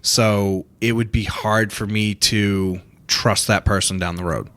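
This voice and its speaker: A man's voice: lowish voice, fairly even intonation, measured pace, a bit bright. A man co-hosting a casual podcast chat, explaining his views firmly and at length.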